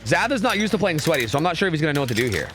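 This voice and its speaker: A man casting game scrims on a live stream in a casual, chatty way, often repeating words in quick bursts. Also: a little high, very animated, a bit bright, slight background noise.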